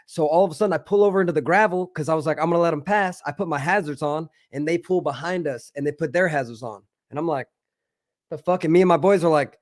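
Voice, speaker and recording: A man telling a story in a casual podcast chat, animated and profane, acting out the voices of the people in it. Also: on the high side, fast talker, few pauses, no echo, clean studio sound.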